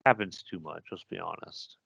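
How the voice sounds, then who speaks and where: Low-voiced man in casual podcast chat. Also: normal speed, vocal fry, fairly bright tone, breathy edge. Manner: enthusiastic, argumentative fan talk. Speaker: podcast co-host.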